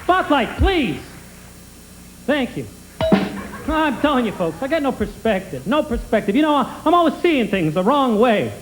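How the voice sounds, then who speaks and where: Brash high-voiced stand-up comic man. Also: sing-song, unhurried, over loud music, rough recording. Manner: brash wisecracking patter, heckling the crowd. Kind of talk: comedy sketch stand-up routine.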